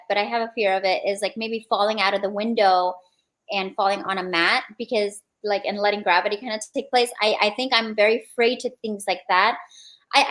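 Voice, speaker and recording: A woman's voice: fairly high pitch, a bit bright. A young woman, a guest on a radio show, talking about her acting ambitions in a casual, filler-heavy, self-reflective way. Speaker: guest, aspiring action actress. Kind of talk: radio interview.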